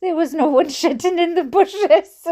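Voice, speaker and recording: Reading a book aloud in a very high, warm, unhurried voice, a woman from Wales keeps pausing to chat about her own memories. The reader and streamer is giggly and often dissolves into laughter.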